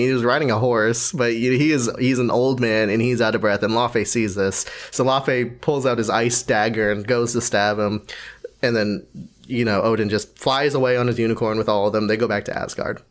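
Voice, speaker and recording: A man co-hosting a casual movie review chat, retelling scenes with quick asides and frequent laughs. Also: mid-range voice. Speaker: co-host of a movie review show. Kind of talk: casual chat recapping a film.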